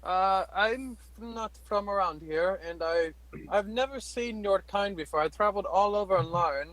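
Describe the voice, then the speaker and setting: A man speaking in character during a tabletop game, polite and unhurried. He hesitates often, and his voice sits a little high. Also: a bit bright, dry recording, rough recording. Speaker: player. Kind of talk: in-character tabletop role-play.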